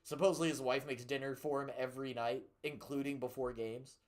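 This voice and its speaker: A man's voice: mid-range voice, fairly even intonation, fairly quick. A young man streaming a game, chatting casually and telling rambling, profanity-laced stories. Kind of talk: casual chat while gaming.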